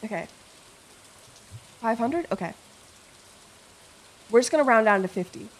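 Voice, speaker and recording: Young woman, streamer, casual chat, playful, swears a lot, rambling, slightly high voice, desk mic. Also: expressive, unhurried.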